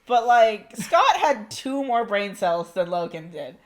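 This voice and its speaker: A woman podcast co-host in casual chat, cracking short jokes and quick quips. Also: medium pitch, sing-song. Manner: joking, with short quips and backchannel agreement.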